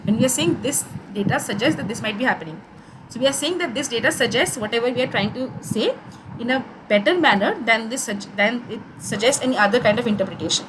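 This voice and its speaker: Young woman, Indian English accent, course tutor, chatty and halting, audible background noise. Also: a little high. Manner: conversational, with frequent fillers and restarts. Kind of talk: online course tutorial session.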